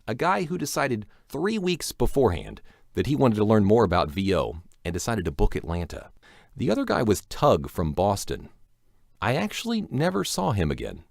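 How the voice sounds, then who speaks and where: A male voice actor tells his story in a low, very animated voice that jumps all over the scale. He is chatty and self-deprecating, drifting into asides. The sound is bone-dry, recorded at home. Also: normal speed, gravelly, no room sound. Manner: animated, playful delivery. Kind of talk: conversational recap narration.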